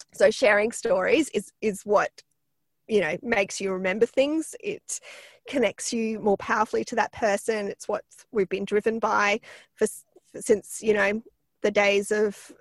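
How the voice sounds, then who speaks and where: A woman with a croaky voice, a PR expert chatting as a podcast guest with lots of fillers and restarts. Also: mid-range voice, no echo. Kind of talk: casual podcast interview.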